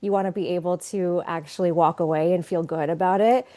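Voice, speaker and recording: A woman's voice: fairly low pitch, steady tone, a little fast. Reflective woman brand designer on a podcast. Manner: warm, reflective, frequent "like" fillers. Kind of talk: casual podcast interview.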